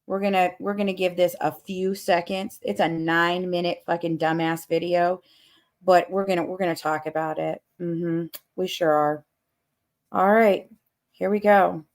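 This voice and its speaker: A woman's voice: fairly low pitch, steady tone, moderate pace. A woman ranting bluntly and profanely on a casual livestream, up all night without sleep. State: has not slept. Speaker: livestream host.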